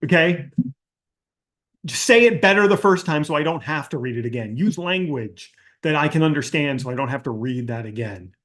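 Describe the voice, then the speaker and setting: A man hosting a live online Q&A, talking over a desk mic on a video call. His voice sits a little higher than most men's, and he rants with sarcastic exasperation, mimicking the people who annoy him. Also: moderate pace. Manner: animated, exasperated ranting with mocking put-on quotes; calmer screen-share tutorial delivery. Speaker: business coach hosting a live Q&A. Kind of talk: ranting livestream talk to an online class.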